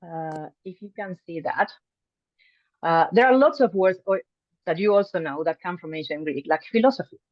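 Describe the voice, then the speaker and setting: A woman's voice: fairly low pitch, lively intonation, moderate pace, dry recording. A woman teaching an online language class in a friendly, chatty way, full of ums and restarts. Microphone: video call mic. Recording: dull, dry video call audio.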